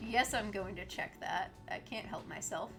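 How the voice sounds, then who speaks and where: A woman's voice: mid-range voice, moderate pace, a bit bright, faint music behind. A woman in her twenties streaming a game, chatting casually, laughing often and answering chat.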